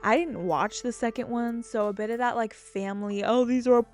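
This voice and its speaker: A young woman chatting casually over her gameplay, rambling from topic to topic, getting excited and swearing freely. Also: on the high side, moderate pace, faint music behind. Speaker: gaming YouTuber.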